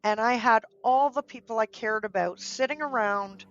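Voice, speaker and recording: A woman guest in a podcast interview, speaking earnestly and gently giving advice, now and then acting out what people might say. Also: fairly high pitch, normal speed, dull audio. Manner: earnest, gently advising, acts out quoted speech. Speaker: guest, dog trainer.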